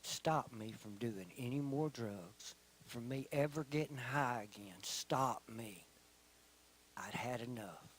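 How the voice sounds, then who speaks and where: A middle-aged man tells his testimony before a church in a measured, unhurried voice. His delivery is earnest and plain, and he often sinks to a soft, quiet tone for the heavy moments. His pitch sits in an ordinary middle range. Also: slight background noise, low-quality recording. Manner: slow, earnest storytelling with quiet, soft-spoken stretches. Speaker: testimony speaker.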